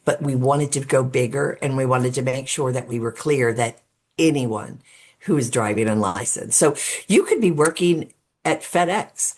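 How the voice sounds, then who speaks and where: Low-voiced middle-aged woman explaining earnestly. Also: normal speed, a little mellow. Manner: earnest and explanatory, with frequent um fillers; talks through steps as if laying out a case. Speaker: guest, road safety advocate. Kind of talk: podcast interview conversation.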